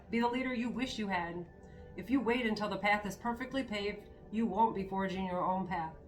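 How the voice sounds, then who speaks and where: A woman giving a spiritual card reading to her viewers, talking in an earnest, encouraging way with spontaneous asides. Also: mid-range voice. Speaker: tarot card reader.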